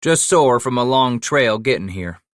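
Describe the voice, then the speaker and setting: A man's voice: mid-range voice, expressive, a little slow, fairly bright tone, no room sound, studio quality. A man voicing a friendly, aging frontier trapper who speaks in a folksy drawl with dropped endings.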